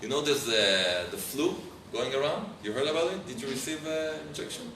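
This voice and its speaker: A man's voice: mid-range voice, fairly quick. A man, a rabbi telling a story to a live audience, often searching for English words. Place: lecture hall with audience. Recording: roomy hall, far mic, background noise.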